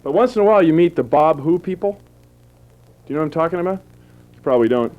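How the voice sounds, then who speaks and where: A man in his thirties doing goofy stand-up comedy on a public access TV show, deadpan jokes with sudden silly voices. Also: on the high side, quick pace, narrow, tinny audio. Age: 30s. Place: small TV studio with live audience.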